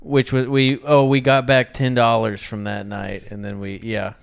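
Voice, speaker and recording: Man, mid-pitched voice, podcast co-host, casual chat with dry quips. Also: completely flat delivery, normal speed, creaky, clean tone.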